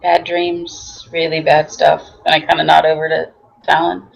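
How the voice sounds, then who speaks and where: Woman, tabletop player, wry, lowish voice, gravelly fry. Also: completely flat delivery, moderate pace, low-quality recording. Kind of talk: tabletop role-play, casual.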